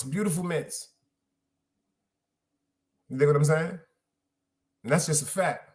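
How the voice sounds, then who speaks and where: Middle-aged new guy talking to his audience solo, street slang, kinda high voice, repeats stuff for emphasis. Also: moderate pace, pauses often, a bit bright. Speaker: podcast host. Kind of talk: casual solo livestream chat.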